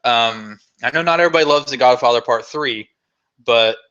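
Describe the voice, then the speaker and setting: A man's voice: medium pitch, a little fast, fairly bright tone, smooth, lo-fi sound. A man vlogger hosting a live Q&A, chatting casually in a rambling, enthusiastic way with lots of fillers.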